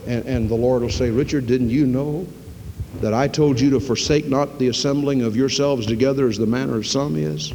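A middle-aged male pastor preaching a sermon, telling folksy stories and acting out dialogue with sudden jumps in pitch. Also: a little fast, creaky, dark tone, dull audio. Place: church sanctuary. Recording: long reverb of a church hall.

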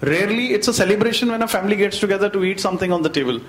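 A man's voice: high-pitched, rapid-fire, echoey room, poor audio. A man from India with an Indian English accent, a chef on a panel, telling anecdotes in a chatty way and slipping into Hindi phrases. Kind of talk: anecdotal storytelling.

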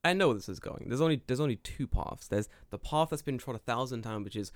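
A man's voice: medium pitch, fast, hardly any pauses, no echo, clean studio sound. A young man co-hosting a podcast, telling stories with lots of swearing and acting out both sides of each conversation. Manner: animated storyteller, acts out dialogue, swears often. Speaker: podcast co-host. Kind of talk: casual podcast chat. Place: lives in Japan.

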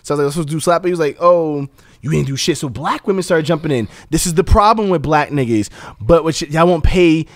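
Fast-ranting high-voiced man. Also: no echo, studio quality. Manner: rapid ranting storyteller, acts out quotes. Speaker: co-host. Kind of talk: casual podcast banter. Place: podcast studio.

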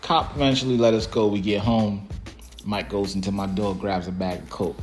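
Laid-back, profane low-voiced man. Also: steady tone, moderate pace, darkish tone, soft background music. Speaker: storyteller. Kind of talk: casual storytelling.

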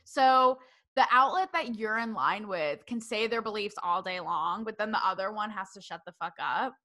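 A woman's voice: medium pitch, normal speed, sharp tone. A young woman hosting her podcast, talking in a casual, exasperated monologue and swearing freely. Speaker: podcast host.

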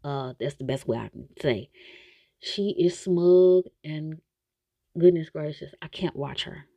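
A woman's voice: sits low, a little slow, mellow, dry recording. A woman hosting a podcast, ranting bluntly and with exasperation in casual opinionated commentary. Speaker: podcast host reviewing a TV series.

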